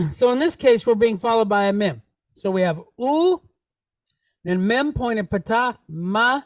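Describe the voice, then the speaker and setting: A woman's voice: a little high, lively intonation, unhurried, no echo. A woman teaching a Hebrew reading lesson, patiently naming each letter and vowel point and checking in with the class as she goes. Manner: checks in with frequent "right?".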